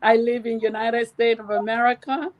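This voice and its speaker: A woman's voice: fairly high pitch, steady tone, moderate pace, dry recording, muffled recording. A woman introducing herself formally but friendly as a guest on a video call panel. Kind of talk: self-introduction.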